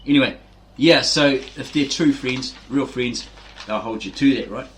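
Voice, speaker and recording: A man's voice: medium pitch, moderate pace, slight background noise. A middle-aged man hosting a fitness video, telling rambling casual stories and acting out quoted voices, with frequent "right?" tags.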